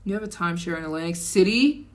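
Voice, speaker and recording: A young woman with a somewhat low voice, talking casually on her own livestream. She chats and reacts to comments as they come in, getting excited and animated. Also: quick pace. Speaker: livestream host.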